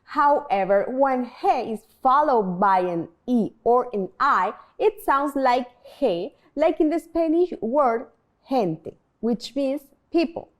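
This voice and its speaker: Woman language teacher, higher voice, slow, careful pronunciation, prompts repetition. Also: lively intonation. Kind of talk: scripted beginner lesson.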